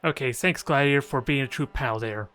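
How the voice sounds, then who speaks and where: A man's voice: medium pitch, a little fast, fairly bright tone. A man casually commentating his own video game match, joking and trash-talking his opponent. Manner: playful, jokey trash talk.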